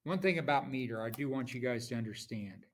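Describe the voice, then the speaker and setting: A man teaching a class, explaining terms slowly and reading out examples with marked stress. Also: mid-range voice, expressive, a bit bright. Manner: slow, explanatory, reads examples aloud with stress. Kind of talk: classroom lecture.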